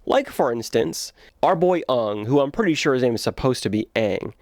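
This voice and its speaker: A man in his twenties giving sarcastic, animated comedic commentary on bad movies as a video host. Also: medium pitch, normal speed, no room sound, clean studio sound.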